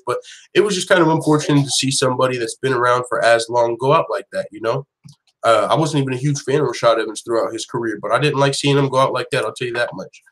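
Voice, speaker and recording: A man hosting an online show, giving casual, profane, animated commentary full of quick restarts. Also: medium pitch, low-quality recording. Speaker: host of an MMA news channel.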